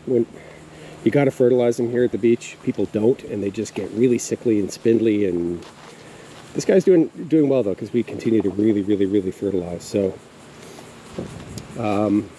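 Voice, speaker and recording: Rambling man with a dark voice. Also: mid-range voice, rough recording. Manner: rambling, hesitant, with many fillers. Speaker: homeowner giving a garden tour. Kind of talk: casual walking tour narration. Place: outdoors in a backyard garden. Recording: faint outdoor insect noise.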